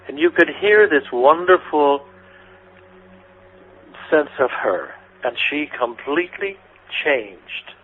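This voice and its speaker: A man working as a spiritual teacher, giving gentle guidance and answering listeners' questions in a soothing, repetitive way, calling them honey and sweetie. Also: on the high side, lively intonation, takes it slowly, pauses often. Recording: phone-like lo-fi radio recording with faint noise.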